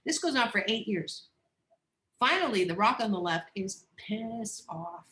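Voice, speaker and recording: A woman who is a psychologist and coach, a guest on a podcast interview, telling personal stories in a candid, animated, expressive way. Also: mid-range voice, a little slow, echoey room. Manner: animated, expressive, acts out voices, laughs often.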